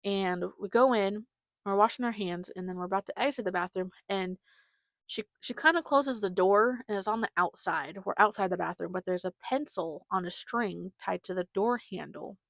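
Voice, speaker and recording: Speaking at a normal speed in a mid-range, creaky voice, a young woman chats casually on her podcast, full of fillers and giggles. The recording is dry.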